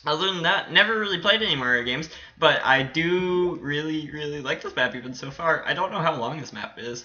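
A man's voice: fairly high pitch, moderate pace, sharp tone, lo-fi sound. A man giving casual commentary while playing a game, rambling with many fillers and giggling and squealing with delight. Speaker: gaming channel host.

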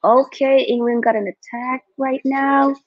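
A young woman hosting a live football watchalong from home, excitable and reading out viewer chat. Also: high-pitched, a little slow, dry recording. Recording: dull lo-fi dry mic.

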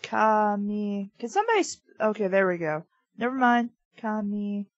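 A woman's voice: mid-range voice, expressive, normal speed, crowd noise. A woman commenting wryly on a fanfiction reading, picking apart its wording and logic. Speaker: fanfiction reader. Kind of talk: comedic read-along commentary. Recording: dull lo-fi dry recording.

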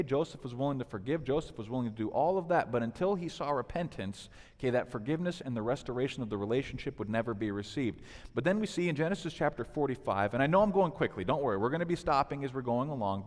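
A man in his thirties preaching in a church sanctuary, his pitch rising and falling in a lively way. His voice carries a long hall reverb. He acts out the people in his story as he preaches. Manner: animated preaching, voices the figures in quotes. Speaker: pastor. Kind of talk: sermon.

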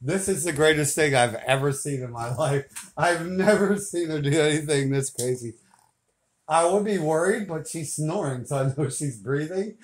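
A man in his forties filming at home, laughing hard, swearing and talking loudly in casual chat. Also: a little high, moderate pace. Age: 40s.

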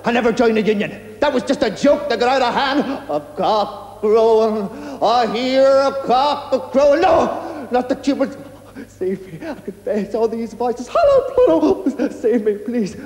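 A frantic babbling sinner. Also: male voice, very high voice, animated, measured pace, darkish tone, echoey room, in a large hall. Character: manic male sinner confessing, babbling. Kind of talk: 1980s TV sketch comedy.

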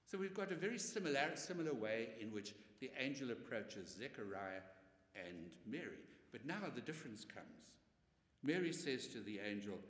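A man, a priest, giving a conversational Bible lecture and often tagging his points with "eh?". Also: mid-range voice. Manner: animated, conversational, tag questions with "eh". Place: church or parish hall. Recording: echoey hall from far off.

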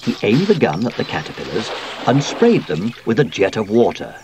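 A man reading a children's storybook aloud, with a slow, expressive delivery. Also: on the low side, noisy background. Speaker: audiobook narrator.

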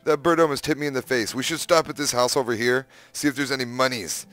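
A young man giving casual, excitable gameplay commentary, exclaiming and humming to himself. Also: mid-range voice, quick pace, soft background music. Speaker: gaming youtuber.

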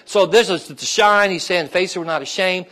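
A male pastor preaching a sermon in a conversational way, repeating phrases and often asking the congregation "amen?", rising in pitch and volume as he stirs them up. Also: moderate pace, sharp tone. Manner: rises in pitch and volume when stirring the congregation.

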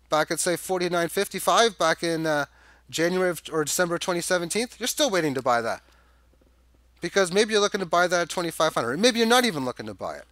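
A man's voice: a little high, a bit bright, dry recording. A man giving a rambling, casual chart walkthrough, thinking aloud with fillers and restarts. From Canada. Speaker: crypto chart analyst.

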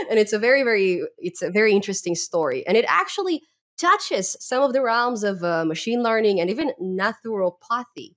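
A young adult woman with a non-native English accent, chatting as a podcast guest, lively and laughing often between fillers. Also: medium pitch, fairly quick. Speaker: podcast guest, Python educator. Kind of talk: casual interview chat.

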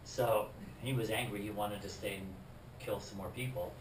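A man telling a personal testimony story and acting out the scenes in a lively way. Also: on the low side, normal speed, background noise. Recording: roomy, distant mic.

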